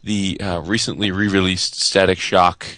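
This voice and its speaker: Male co-host, forceful bright tone, matter-of-fact delivery. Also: low voice, flat delivery, moderate pace, dry recording. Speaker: podcast co-host. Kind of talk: casual chat.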